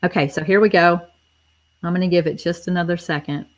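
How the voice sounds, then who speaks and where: A woman with a slightly low voice hosts a casual live stream, talking straight to her viewers in a chatty, running commentary. She spells things out carefully and keeps everyone in the loop, all through a computer mic. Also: steady tone, a little fast. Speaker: livestream host running a giveaway.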